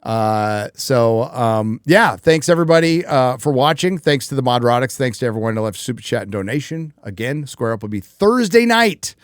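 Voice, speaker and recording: A mid-pitched man hosting a live stream in plain, blunt speech peppered with swearing. His voice sits close and dry on the mic with no room around it. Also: lively intonation, moderate pace, hardly any pauses, dry recording. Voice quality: profane, blunt. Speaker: livestream host. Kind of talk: casual live stream chat.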